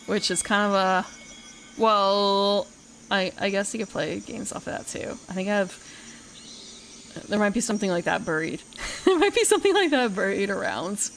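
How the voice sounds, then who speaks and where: A woman's voice: medium pitch, animated, normal speed, a little hiss or hum, rough recording. A young woman streamer chatting casually through a first-time game playthrough, rambling and correcting herself as she talks. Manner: rambling and self-correcting, with frequent laughs and swearing.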